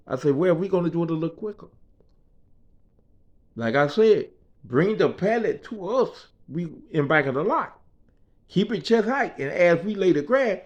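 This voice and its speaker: A man from the Bahamas telling a story from his own life in casual, profane slang, acting out what others said and repeating phrases for rhythm. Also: sits high. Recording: slightly dull lo-fi recording.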